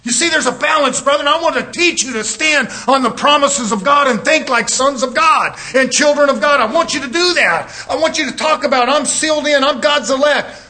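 A man preaching a fiery sermon, shouting and driving his points home with rising intensity. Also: extremely high pitch, fairly quick, few pauses.

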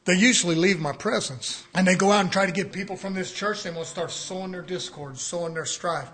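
Fiery preacher man, high bright voice. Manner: fiery preaching, swings from low murmurs to shouts. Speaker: pastor. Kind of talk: sermon.

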